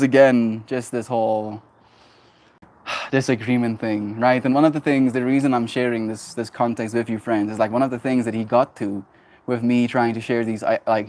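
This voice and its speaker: A young man in his twenties talks to his stream in an animated, emphatic way. He tells a story and laughs often. His pitch sits in an ordinary middle range. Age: 20s. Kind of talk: casual livestream storytelling.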